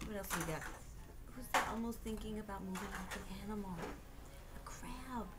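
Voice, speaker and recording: A woman's voice: medium pitch, fairly quick. A young woman, an aunt, reading a picture book aloud to a toddler at home in a coaxing, sing-song way, often laughing. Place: home, indoors. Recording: home camcorder with loud background noise.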